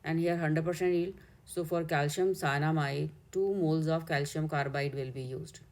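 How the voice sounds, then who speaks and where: Low-voiced Indian woman teaching chemistry. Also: a little mellow. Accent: Indian English. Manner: step-by-step explaining, corrects herself mid-way. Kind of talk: exam solution walkthrough.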